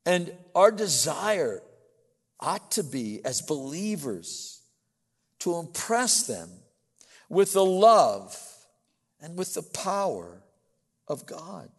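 Booming, gravelly older preacher. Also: male voice, very animated, takes it slowly. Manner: booming, swings from loud emphasis to soft asides. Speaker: pastor. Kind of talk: sermon. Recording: long hall reverb.

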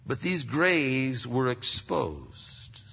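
A man preaching a sermon. He swings between loud, emphatic peaks and hushed, low passages. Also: sing-song, drawn-out words, creaky, slightly rough. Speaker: pastor. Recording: muffled sound with long hall reverb.

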